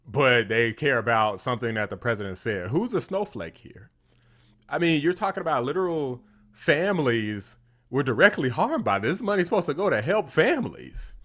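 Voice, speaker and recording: Male commentary host, mid pitch, sarcastic, laughs through his takes. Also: fairly bright tone. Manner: mocking, laughs often at what he hears. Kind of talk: opinionated reaction commentary.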